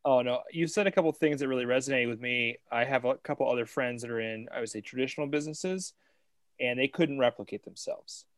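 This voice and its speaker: A man's voice: mid-range voice, fast talker, no room sound. Guy interviewing someone, keen and chatty, mid voice, dry close audio. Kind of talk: casual interview talk.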